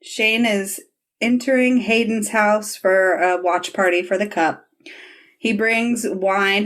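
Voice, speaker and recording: Animated woman podcast host. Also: medium pitch. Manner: animated retelling, quoting scenes with bursts of laughter. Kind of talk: casual recap chat.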